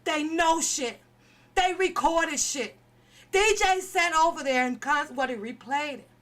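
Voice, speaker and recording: A woman's voice: high-pitched, measured pace, fairly bright tone. A woman commentator delivering an impassioned, profane opinion rant, pleading and repeating herself for emphasis. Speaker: online commentator.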